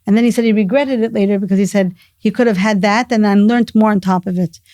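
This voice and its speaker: A woman's voice: medium pitch, steady tone, quick pace, warm tone, dry recording. A middle-aged woman talking earnestly in a casual conversation, telling stories and mixing in Hebrew and Yiddish words. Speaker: guest, mother of the host.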